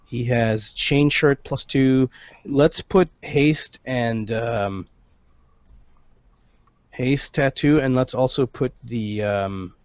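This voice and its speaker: A man's voice: medium pitch, very slow, no echo, highs cut off. A man playing a tabletop game who chats loosely, jokes and swears freely. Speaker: player. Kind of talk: casual tabletop game chat.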